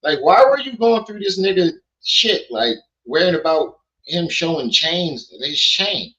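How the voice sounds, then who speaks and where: A man's voice: on the high side, sing-song, measured pace, bright, forceful tone, muffled recording. Loose, profane male stream host. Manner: loose, joking, profane, talks to chat. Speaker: livestream host. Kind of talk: casual commentary stream. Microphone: streaming mic.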